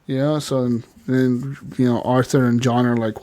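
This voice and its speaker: A man's voice: medium pitch, flat delivery, moderate pace, few pauses, mellow, dry recording. Swearing, laughing podcast co-host man. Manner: swearing, laughing, recounting scenes with quoted dialogue. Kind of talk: casual chat.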